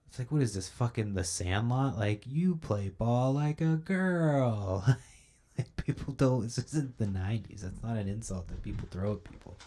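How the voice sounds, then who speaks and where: A man's voice: on the low side, mellow. A young man hosting a podcast, ranting in a casual, profane, rambling monologue and sounding a little sleepy. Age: young adult. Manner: profane, ranting, loose storytelling. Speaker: podcast host.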